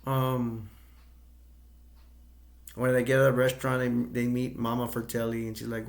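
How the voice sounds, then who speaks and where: A man retelling a film scene by scene in a loose, rambling way, full of ums and restarts. His voice stays level and even, with little rise or fall. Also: medium pitch, normal speed, vocal fry. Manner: rambling, hesitant, with many fillers and self-corrections. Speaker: movie reviewer. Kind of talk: casual movie plot recap.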